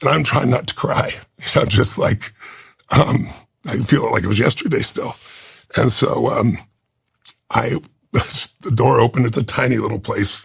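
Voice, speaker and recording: Gravelly, husky man telling a heartfelt story. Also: mid-range voice, no room sound, studio quality. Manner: earnest, halting, with frequent fillers and restarts. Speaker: podcast guest. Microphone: studio podcast mic.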